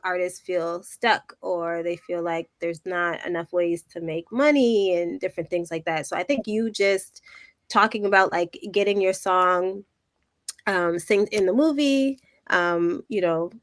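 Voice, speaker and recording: A woman's voice: on the low side, measured pace, dry recording. A young Canadian woman hosting a podcast, chatting with an upbeat, enthusiastic manner. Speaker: podcast host. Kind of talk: casual interview chat.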